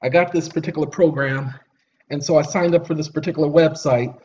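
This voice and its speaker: A man delivers a preachy monologue straight to his audience, circling back over the same points. His voice sits a bit high for a man, and he keeps offering sarcastic apologies. The recording sounds dull and lo-fi. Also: fairly even intonation, fairly quick, dark tone. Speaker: online commentator. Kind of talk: lecturing monologue to viewers.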